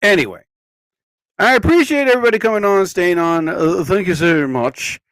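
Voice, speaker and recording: A man's voice: sits high, lively intonation, moderate pace, fairly bright tone, no echo. A man hosting his own live show, chatting casually and rambling with frequent exclamations. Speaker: host. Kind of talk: casual livestream chat.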